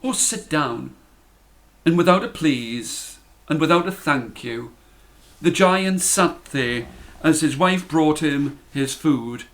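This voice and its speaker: Slow, deliberate male storyteller. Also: on the high side, fairly bright tone. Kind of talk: storybook narration for children.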